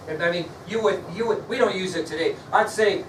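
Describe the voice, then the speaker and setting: A male history teacher lecturing a class, quizzing students and spelling words out slowly. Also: high voice, fairly bright tone, a little hiss or hum. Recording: echoey classroom, mic far off, faint ambience.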